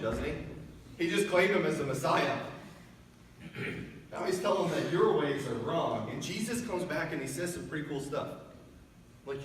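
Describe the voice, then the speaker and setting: A male guest preacher delivering a storytelling sermon in a church, building to loud emphatic peaks. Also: on the high side, slight background noise. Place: church sanctuary. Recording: echoey church hall from far off.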